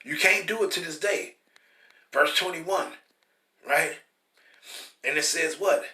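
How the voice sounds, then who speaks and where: Man, fairly high and bright, emphatic and profane Bible teacher; reads verses slowly; distant, echoey recording. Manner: blunt, profane, repetitive and emphatic; reads scripture slowly and forcefully. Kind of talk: informal preaching with scripture reading. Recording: roomy echo from a distant mic.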